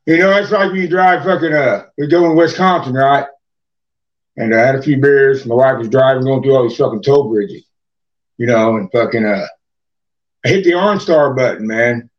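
A man's voice: medium pitch, normal speed, dull audio. An older man, a podcast guest, telling rambling, profane stories in a laid-back way. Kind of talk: casual storytelling.

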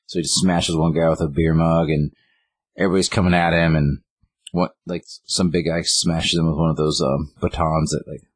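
A man with a very low, husky voice tells a story in casual chat. He jumps into quick acted-out lines of dialogue, lifting his voice for each one. The sound is dry and close. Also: no room sound. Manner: animated retelling, acting out lines of dialogue in a raised voice. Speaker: co-host recapping a game story.

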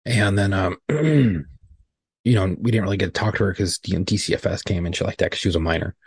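A man's voice: deep voice, a little fast, slightly rough, no echo, studio quality. A man, a podcast co-host and police officer, chatting in a laid-back, profane way. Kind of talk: casual chat.

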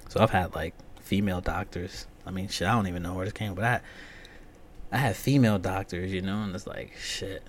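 A man hosting a solo comedy podcast, ranting profanely and swinging from loud outbursts to muttered whispered asides. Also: sits low, steady tone, brisk, slight background noise. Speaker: podcast host.

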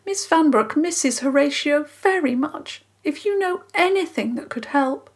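A woman doing a gentle young girl. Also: high-pitched, animated, measured pace, voice pushed up. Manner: gentle, pleading.

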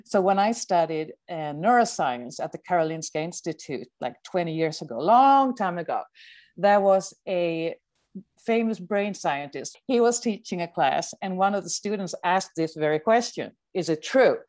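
Animated woman brain scientist, dry sound. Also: on the low side, moderate pace, no echo. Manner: animated, laughs often. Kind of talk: podcast interview.

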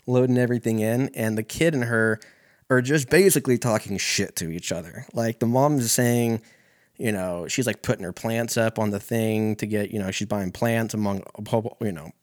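A man hosting a podcast, telling a rambling story in casual talk, swearing often and correcting himself as he goes. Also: on the low side. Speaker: podcast host.

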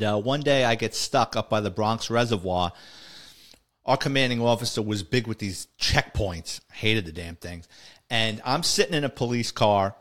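A man's voice: on the low side, fairly bright tone. A middle-aged man, a retired police officer telling stories casually on a podcast, rambling and correcting himself as he acts out dialogue.

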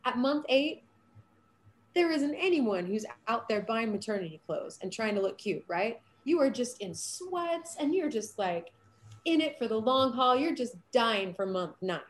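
A woman's voice: a little high, measured pace, a little hiss or hum. A woman in her thirties, an actress guest chatting in an interview and telling stories with plenty of laughter. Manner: animated storyteller, laughs often. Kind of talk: casual interview chat.

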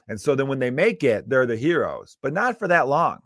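A man's voice: medium pitch, brisk, dry recording, clean studio sound. A man, a comedian hosting his podcast, ranting casually with lots of swearing and asides. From Chicago area. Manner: profane, animated ranting with frequent asides.

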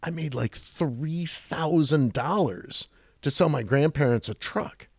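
Gravelly-voiced man telling animated stories. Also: takes it slowly, no echo, clean studio sound. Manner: animated storyteller, many restarts, acts out quotes in a higher voice. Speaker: car dealership guest. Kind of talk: podcast storytelling.

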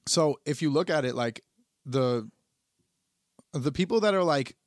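A man's voice: a little high, expressive, unhurried, no echo, studio quality. A young man co-hosting a podcast, talking politics in a rambling, profane, repetitive way. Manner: profane, rambling, repeats himself. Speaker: podcast co-host. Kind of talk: casual political chat.

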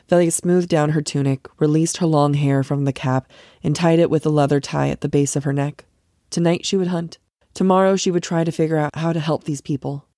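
A woman narrating a fantasy novel chapter in a measured storytelling voice. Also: low voice, mellow, no echo, studio quality. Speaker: author narrator. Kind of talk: audiobook narration.

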